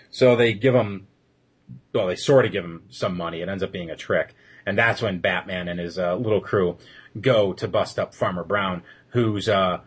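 A man's voice: lowish voice, moderate pace, slightly rough. A man co-hosting a podcast, retelling an episode in a loose, rambling way with many fillers. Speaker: podcast co-host reviewing episodes. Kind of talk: casual chat.

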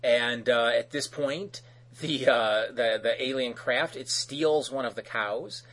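Husky, rambling male podcast host. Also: mid-range voice, slow pace, fairly bright tone. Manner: rambling, full of fillers. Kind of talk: casual episode recap.

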